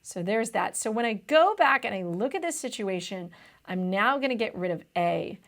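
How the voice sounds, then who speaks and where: A woman's voice: mid-range voice, lively intonation, moderate pace. A young woman tutor explaining test questions in a chatty, casual way, often saying "vibe" and "like".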